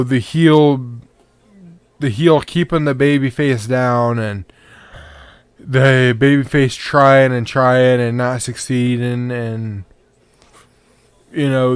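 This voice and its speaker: A man's voice: medium pitch, clean tone, no echo. A sleepy man hosting a podcast, giving casual, rambling commentary on a match and swearing now and then. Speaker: podcast host.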